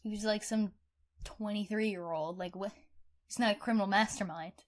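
A young woman co-hosting a podcast, chatting in an expressive, outspoken way and swearing casually. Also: mid-range voice, moderate pace. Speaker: podcast co-host. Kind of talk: casual true-crime chat.

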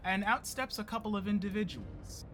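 A man's voice: high-pitched, moderate pace, over music. A man narrating a tabletop game as its game master, in a playful, descriptive way.

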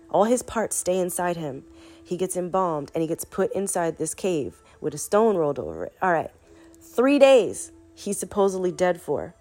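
A woman's voice: fairly low pitch, a little mellow. A sick young woman casually retelling a spiritual story, rambling and profane, talking straight to her listeners. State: sick, foggy-headed.

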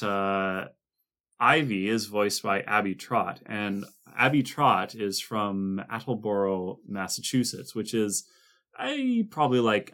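A man co-hosting a podcast, explaining details of a cartoon series in a chatty way, with frequent restarts. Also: on the low side. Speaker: podcast co-host. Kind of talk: casual discussion of a cartoon series.

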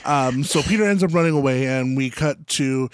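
A man's voice: medium pitch, moderate pace, clean tone. A man co-hosting a podcast, chatting casually about a movie into his own microphone, rambling and heavy on fillers. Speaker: podcast co-host. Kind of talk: casual movie recap chat. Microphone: own microphone close by.

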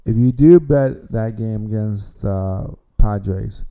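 A man's voice: fairly low pitch, slow, muffled recording. A man hosting a casual sports podcast, opinionated, often repeating himself and restarting phrases. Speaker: podcast host.

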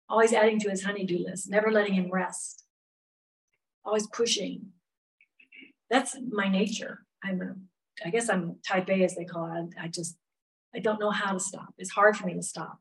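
A woman's voice: mid-range voice, normal speed, pauses often, a little hiss or hum. Middle-aged woman, leading a women's Bible lesson; candid and conversational, recorded from a little way off the mic. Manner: chatty, candid, lots of "you know" asides. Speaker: women's Bible study teacher. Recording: voice a bit far from the mic.

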